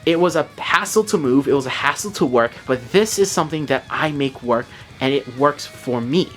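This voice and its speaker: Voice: mid-range voice, lively intonation, moderate pace, fairly bright tone, soft background music. An artist giving a casual tour of a home art studio, talking in an earnest, upbeat way and often repeating themselves. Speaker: artist vlogger. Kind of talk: casual room-tour vlog.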